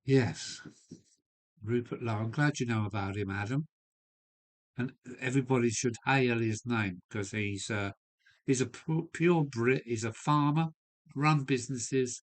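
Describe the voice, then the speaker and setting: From his home loft, an Englishman with a medium-pitched voice hosts a model railway live stream, chatting casually to his audience. He's blunt and opinionated, rambles freely, and swears mildly, all captured through a live stream setup.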